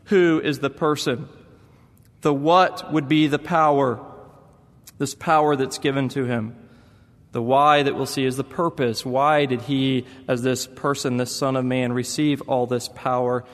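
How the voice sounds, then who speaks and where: A man's voice: mid-range voice, steady tone, measured pace, long reverb tail. A man preaching a sermon as pastor, telling stories with emphatic repetition.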